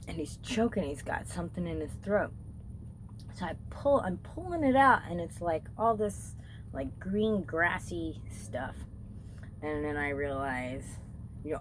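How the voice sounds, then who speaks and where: Woman, low voice, casual vlog storytelling, rambling, cursing, faint hiss behind. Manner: rambling, swears freely. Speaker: vlogger.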